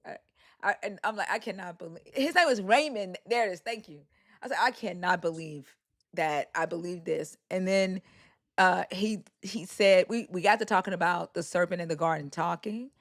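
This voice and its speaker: A woman's voice: mid-range voice, fairly quick, fairly bright tone. A woman hosting a casual live-stream chat, telling stories animatedly with frequent laughter and swearing. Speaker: host.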